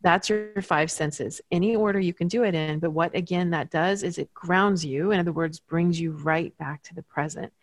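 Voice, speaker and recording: A woman with a lowish voice talks through coping techniques like a therapist. She explains calmly and patiently, with plenty of fillers and restarts. The recording is dry and close. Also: normal speed, hardly any pauses, no room sound. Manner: calm, explanatory, with frequent fillers. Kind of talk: casual conversational advice.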